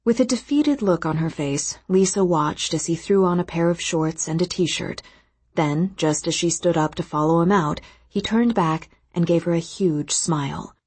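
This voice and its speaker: A woman reading a novel aloud in steady, scripted narration. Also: on the low side, normal speed, breathy edge, no echo. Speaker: audiobook narrator.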